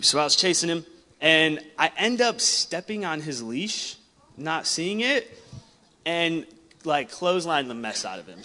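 A young man preaching a sermon, telling a personal story in a casual, animated way and laughing often. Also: fairly high pitch. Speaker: pastor. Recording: long hall reverb.

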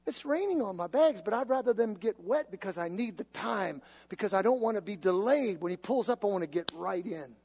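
A man preaching a sermon, telling stories in an animated, conversational way. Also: sits high, a little fast, gravelly, few pauses, slight background noise. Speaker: pastor. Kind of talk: sermon with personal storytelling. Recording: long reverb of a large hall.

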